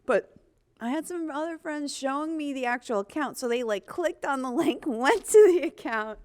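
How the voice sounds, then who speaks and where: A woman's voice: high-pitched, normal speed. A woman hosting a casual podcast chat, telling blunt stories and acting out quoted lines. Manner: animated storyteller, blunt, acts out quotes. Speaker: podcast host, comedian.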